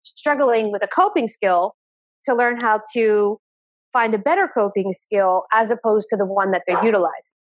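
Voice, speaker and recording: A woman addiction therapist, guest on an interview podcast, telling her own story in an animated way and repeating phrases for emphasis. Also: medium pitch, moderate pace, no echo. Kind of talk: conversational interview.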